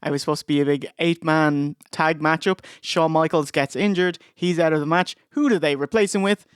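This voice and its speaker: A man's voice: on the high side, fairly even intonation, a little fast, clean tone, dry recording, studio quality. A man co-hosting a podcast, retelling events with wry humour and frequent laughs. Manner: wry storyteller, laughs often between lines. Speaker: podcast co-host. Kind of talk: casual wrestling review chat.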